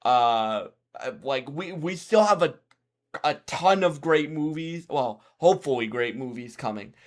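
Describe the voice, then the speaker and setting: A young man giving a casual spoken movie review to his channel's viewers, halting and often restarting and repeating words, earnest when he gives advice. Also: medium pitch, expressive.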